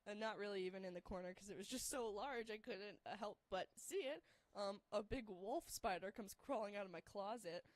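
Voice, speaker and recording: A woman's voice: medium pitch, fairly quick, no echo. A young woman telling a story casually, rambling and filling her talk with "like". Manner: rambling, heavy use of "like", laughs through the story.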